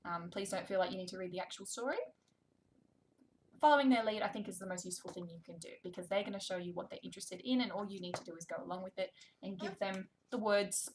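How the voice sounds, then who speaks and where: A young adult woman, a speech therapist, gently and encouragingly explaining tips while reading a book with a toddler. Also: medium pitch, fairly even intonation, fast, slight background noise.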